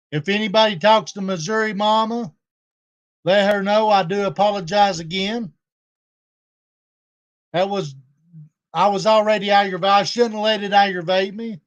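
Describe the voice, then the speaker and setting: A man talking casually to viewers on a livestream, aggrieved and confrontational as he addresses a rival and his audience. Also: high voice. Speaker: YouTube livestreamer.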